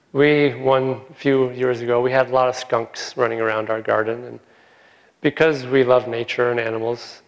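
A man giving an informal spiritual talk in a large hall, gentle and often chuckling as he tells stories. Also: medium pitch.

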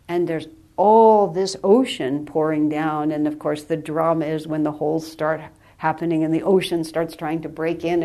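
A woman's voice: lowish voice, a little mellow. Reflective woman giving a spiritual talk. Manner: storytelling, emphatic and reflective, with laughs. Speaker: spiritual teacher.

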